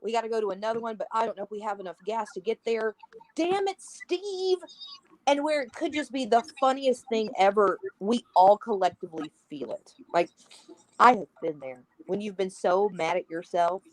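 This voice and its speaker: A woman's voice: mid-range voice, a little fast, poor audio. A woman chatting casually about a film on a podcast, acting out the characters' lines as she retells scenes. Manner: animated, acts out quoted lines. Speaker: podcast guest.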